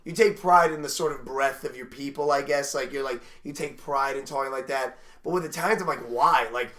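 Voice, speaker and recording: A young man co-hosting a podcast in casual chat, rambling, often trailing into a low mutter. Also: a little fast, a bit bright. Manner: rambling, drops to a mutter when musing. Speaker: podcast co-host.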